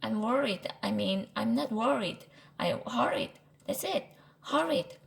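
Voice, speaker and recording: A nervous boy aardvark from a storybook, talking himself in circles with anxious excuses, as a woman reads him aloud. The voice moves slowly with a gravelly edge. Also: a little high, animated, full character voice, poor audio. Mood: defensive. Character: worried young boy aardvark, fretful and evasive.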